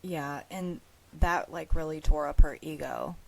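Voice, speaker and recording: American woman, lowish voice, laid-back podcast chat, hesitant. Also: unhurried, creaky. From United States. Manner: relaxed, hesitant with fillers like "um" and "like". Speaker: podcast co-host. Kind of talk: casual movie-review chat.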